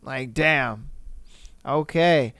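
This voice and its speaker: A man's voice: medium pitch, drawn-out words, a bit bright, dry recording, clean studio sound. A man hosting a podcast, reacting to reader stories in casual, slangy commentary with frequent laughter and disbelief. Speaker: podcast host.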